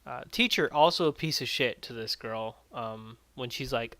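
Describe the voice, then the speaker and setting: A man's voice: mid-range voice, normal speed, hardly any pauses, sharp tone, no echo. A man giving a blunt, exasperated casual spoken review of an anime. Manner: blunt and exasperated, retells plot with quoted voices.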